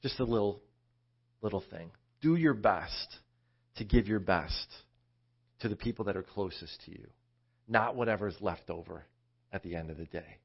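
A man preaching a sermon in a conversational, animated storytelling way. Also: on the low side, moderate pace, creaky, long pauses, breathy edge, highs cut off. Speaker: pastor.

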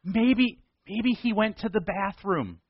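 A man's voice: sits high, slow, no room sound, lo-fi sound, voice pushed up. A man voicing a mocking prophet who taunts rival priests with sarcasm. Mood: sarcastic taunting. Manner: sarcastic, teasing.

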